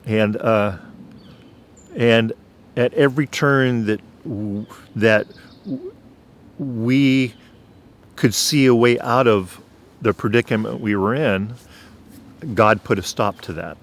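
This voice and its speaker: Slow-talking earnest Christian man. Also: mid-range voice. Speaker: channel host. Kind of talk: faith testimony talk.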